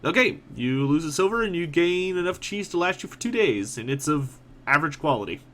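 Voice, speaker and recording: Game master guy, bright voice, lots of ums while he narrates. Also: fairly high pitch, brisk, slight background noise. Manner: relaxed, filler-heavy narration.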